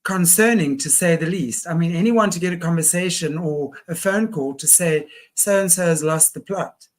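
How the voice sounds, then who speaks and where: A woman hosting an interview, talking through her thoughts in a reflective, measured way. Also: on the low side. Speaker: host. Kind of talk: conversational interview.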